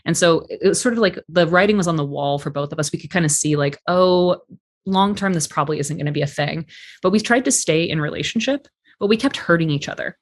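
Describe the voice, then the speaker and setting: A man's voice: on the high side, expressive, fast talker. A man guest on a podcast, speaking candidly and reflectively in casual conversation, with some swearing. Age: adult parent.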